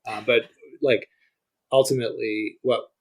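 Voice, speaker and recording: This middle-aged guest scholar speaks in a mid-range voice with fairly even intonation and an unhurried pace, though the audio is poor. Discussing ancient music in conversation, he thinks out loud, restarts frequently, and illustrates on guitar.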